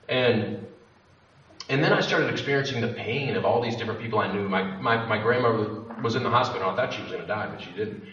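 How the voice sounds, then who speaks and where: A young man with a fairly low voice tells a candid, rambling story to a live audience, swearing freely and cutting himself off mid-sentence. He sounds far from the mic in a roomy space. The lo-fi recording has faint background noise. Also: a little fast, fairly bright tone. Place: event room with an audience.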